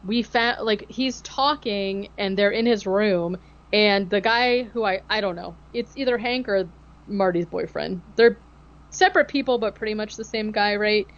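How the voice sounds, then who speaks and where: A woman's voice: mid-range voice, normal speed, lo-fi sound. Rambling sarcastic woman recapping a movie. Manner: rambling, sarcastic, lots of fillers. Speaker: podcast co-host. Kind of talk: casual movie recap chat.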